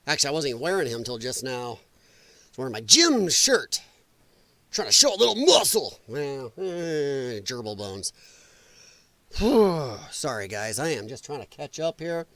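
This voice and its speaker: A man's voice: medium pitch, sing-song, measured pace, pushed and bright. A man hosting a live political talk stream from home, rambling and sarcastic in a casual commentary style. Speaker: political livestream host.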